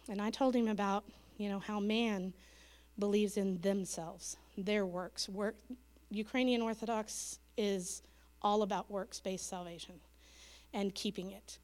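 Earnest woman telling a church testimony. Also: medium pitch. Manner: earnest storytelling, quoting others, dropping to a hush at the end. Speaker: missionary speaker. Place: church sanctuary.

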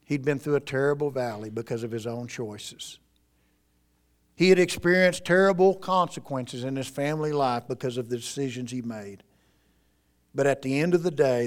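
A middle-aged male pastor preaching a sermon in a church, earnest and pleading, rising to emphatic peaks and dropping to quiet appeals. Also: mid-range voice. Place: church sanctuary.

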